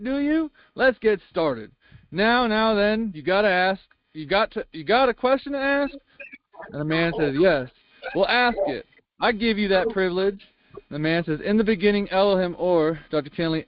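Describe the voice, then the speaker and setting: High-pitched male reader, emphatic and folksy, reading a sermon transcript over a muffled, dry call line. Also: no room sound. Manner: emphatic, with frequent rhetorical questions; folksy double negatives. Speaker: Bible class reader.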